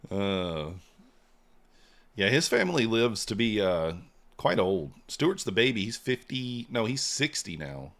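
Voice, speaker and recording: A man with a low, deep voice talks casually on a live trading stream. He rambles, fills gaps with "uh" and "you know," and lets his thoughts trail off on a drawn-out "so.". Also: very animated, fairly bright tone. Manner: rambling, many fillers and trailing "so".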